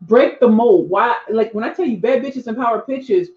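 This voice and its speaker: A speaking coach in her forties speaks at normal speed with a warm tone, a voice on the high side, and lively intonation. She is chatting live with viewers, reading their comments and addressing them directly, in an echoey room with dull, lo-fi sound.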